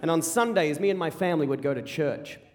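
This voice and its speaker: An Australian man tells a comic story about his own life to a live theater audience. His voice sits high and the words come fast, with playful repetition. A long reverb from the hall trails behind each line. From rural South Australia. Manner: animated, comic, quick with repeated phrases. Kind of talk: live personal storytelling on stage.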